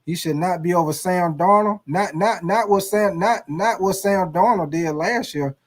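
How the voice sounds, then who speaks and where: A man hosting a sports talk livestream, ranking players in a slangy, animated storytelling style full of curses. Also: sits high, normal speed. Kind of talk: casual sports commentary.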